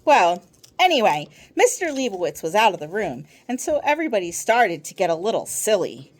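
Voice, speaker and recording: A woman voicing an excitable, chatty schoolboy who rambles eagerly through a long story. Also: medium pitch, fairly quick.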